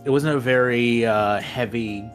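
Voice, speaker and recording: A man from Los Angeles co-hosting an improvised comedy chat, laid-back and deadpan, often restarting his sentences. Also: mid-range voice, unhurried, soft background music. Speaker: podcast co-host.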